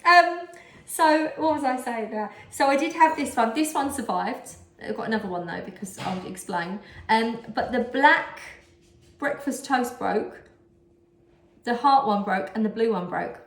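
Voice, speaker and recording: A chatty woman with a somewhat high voice talks through a haul at home, rambling happily from one aside to the next. Her voice sounds roomy, bouncing off the walls around her. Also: measured pace. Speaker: vlogger. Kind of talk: casual chat showing a haul. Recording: roomy echo.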